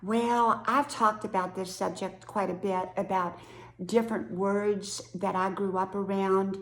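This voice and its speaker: A woman's voice: medium pitch, steady tone, a little slow, reverberant, a little hiss or hum. A woman in her sixties from West Virginia with an Appalachian accent, chatting casually to camera in a folksy way and laughing often. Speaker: vlogger.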